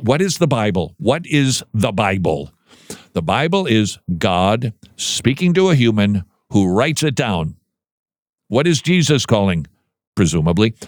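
A man's voice: mid-range voice, no room sound. Earnest man, dry close sound. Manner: earnest, emphatic, preacherly. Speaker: Christian commentary host. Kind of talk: reading news clips and commenting.

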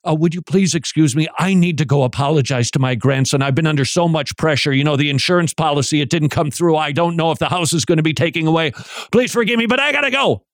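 A man voicing a flustered, stressed older grandmother who rushes out apologies. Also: low voice, no room sound, natural voice.

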